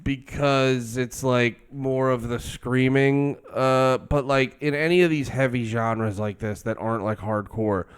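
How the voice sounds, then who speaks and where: A man co-hosts a relaxed music podcast, airing strong opinions in a blunt, profane rant. His voice is smooth and clear, at a middle pitch for a man. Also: a little slow, hardly any pauses. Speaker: podcast co-host. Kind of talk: casual music podcast chat.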